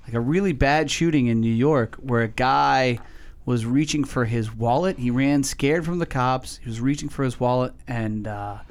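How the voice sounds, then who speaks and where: A man from New England chats casually on a podcast. His stories ramble, break off and restart, and he swears freely. His voice sits at an ordinary middle pitch. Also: normal speed. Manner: profane, storytelling, rambling with restarts. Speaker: podcast co-host, cigar shop worker. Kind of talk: casual chat.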